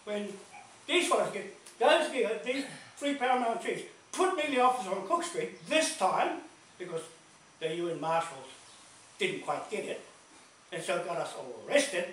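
At a community meeting in a large hall, a man with a high, sing-song, slightly bright voice tells stories at normal speed. He's emphatic and repetitive, laughing between points in animated storytelling. The recording is echoey, distant, and carries faint noise.

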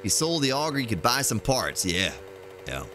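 A man's voice: mid-range voice, very animated, normal speed, music in the background. Chatty male game streamer. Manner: chatty, thinks aloud while playing. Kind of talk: casual gameplay commentary.

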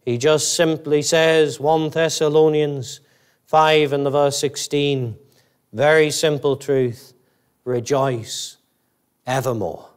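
A man preaching an evangelical sermon in church, fervent and emphatic, asking his listeners rhetorical questions and climbing high on exclamations. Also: level tone, takes it slowly, smooth. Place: church, evening service.

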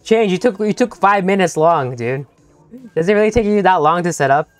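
A young man streaming a game live, talking to his teammates and chat in an excitable, stammering way that repeats itself. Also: high voice, fairly quick, no room sound, faint music behind. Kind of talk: live gameplay commentary.

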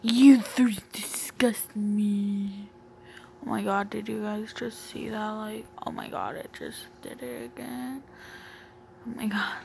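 A woman's voice: mid-range voice, steady tone, normal speed, vocal fry, slight background noise. A woman talking casually as a new YouTuber, rambling with many fillers and often half-whispering. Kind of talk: casual comic-reading vlog.

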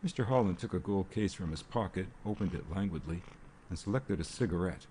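Deep gravelly guy reading an audiobook, dark mellow tone, faint rain in the back. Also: animated, a little fast, slight background noise. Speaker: audiobook narrator. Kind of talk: scripted narration. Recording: faint rain ambience behind.

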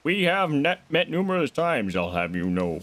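A man's voice: a little high, big pitch swings, normal speed, fairly bright tone. A man voicing a giant, regal old fish king, using formal old-fashioned speech. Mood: wistful. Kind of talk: voicing game dialogue on a stream.

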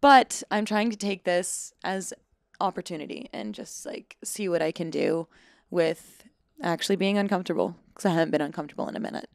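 A woman's voice: on the low side, a little fast, vocal fry, no echo, studio quality. A young adult woman, a podcast guest, chatting casually and playfully, laughing often. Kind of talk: casual chat.

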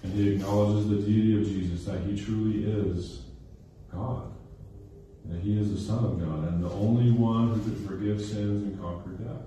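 A man's voice: on the low side, fairly even intonation, normal speed, warm tone, slight background noise. A male pastor giving a sermon, often checking in with listeners with "okay?" and "right?" and repeating phrases for emphasis. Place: recreation center used for church service. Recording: very echoey hall, heard from a distance.

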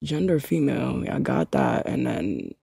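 A woman's voice: extremely low pitch, huge pitch swings, normal speed, creaky, dark tone, husky, dry recording, studio quality. A young woman chatting casually to her livestream chat, slangy and swearing, often laughing in disbelief. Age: young adult. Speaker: streamer.

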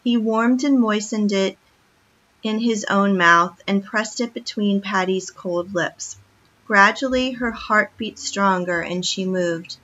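Bright-voiced woman reading a story aloud. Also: medium pitch, takes it slowly. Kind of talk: reading a children's book aloud. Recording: dull lo-fi recording.

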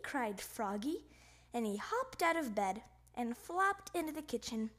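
A woman reads a children's storybook aloud at an unhurried pace. Her high voice rises and falls a great deal, and she plays up the sound effects in a playful way. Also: big pitch swings, fairly bright tone. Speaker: storybook reader.

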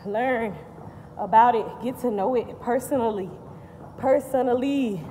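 A woman's voice: on the high side, measured pace, dark tone, long reverb tail, slight background noise. A woman vlogging while she walks on a treadmill at the gym, talking upbeat and thankful about moving her body and self-care. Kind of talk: casual vlog while working out.

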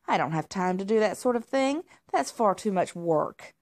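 A woman's voice: mid-range voice, expressive, normal speed, a little mellow, close to an everyday voice. A woman voicing a lazy, spoiled, snobbish male house cat who grunts and demands, in a read-aloud storybook. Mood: grumpy. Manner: grumpy, demanding, huffy.

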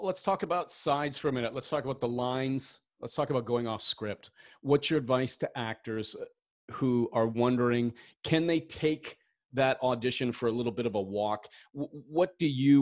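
Male host posing long, rambling questions. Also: mid-range voice. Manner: long, multi-part questions with hesitant fillers. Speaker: livestream host. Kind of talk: interview questions.

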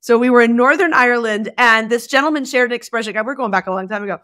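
A woman guest on a podcast, a leadership coach, talking in a bubbly, expressive way and laughing often. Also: a little high, quick pace, smooth. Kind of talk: casual podcast interview.

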